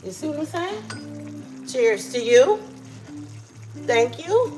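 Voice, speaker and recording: Slow-talking woman cooking live at home. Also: sits high, big pitch swings, over music, low-quality recording. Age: middle-aged. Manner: chatty, talks to viewers while cooking. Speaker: live-stream cooking host. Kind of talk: casual live cooking chat. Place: home kitchen.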